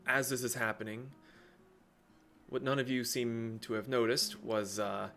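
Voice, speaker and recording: A man's voice: mid-range voice, fairly even intonation, unhurried, creaky, a bit bright, soft background music. A man narrating as game master of a tabletop game, with a rambling delivery full of fillers and restarts.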